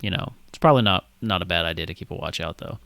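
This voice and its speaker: A man's voice: deep voice, animated, very fast, creaky, pushed and bright, no echo, studio quality. A man narrating as game master of a tabletop game, loose and full of fillers.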